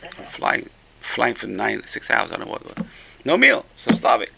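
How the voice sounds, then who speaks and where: A man teaching a religious class, telling stories with lively acted-out voices. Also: medium pitch, normal speed, gravelly, noisy background. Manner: animated storytelling with acted-out voices. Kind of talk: Torah class talk.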